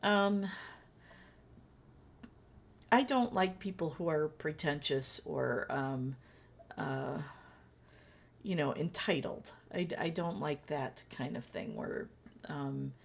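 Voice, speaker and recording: A woman's voice: low voice, animated, takes it slowly, creaky, long pauses. Middle-aged mother as stream guest; chatty, hesitant storyteller with fillers. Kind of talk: casual chat on a livestream.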